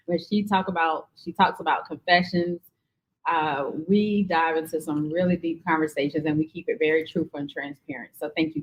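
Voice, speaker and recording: A woman from North Carolina with a Southern accent, a guest in a podcast conversation. Her voice sits a little low, and she speaks in an earnest, measured way. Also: lo-fi sound. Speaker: podcast guest, nonprofit founder. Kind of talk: conversational interview.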